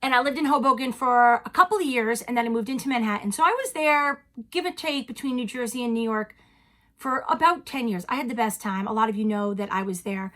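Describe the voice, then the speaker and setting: A woman, hosting a chatty personal vlog from her home closet and talking straight into the camera in an animated, theatrical way. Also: fairly high pitch, brisk. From New England. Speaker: vlog host.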